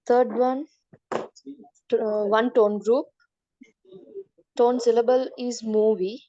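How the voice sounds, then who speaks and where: A woman's voice: fairly high pitch, fairly even intonation, slow, mellow, no echo, highs cut off. A woman student politely reading out her answers in an online class, hesitant and full of fillers.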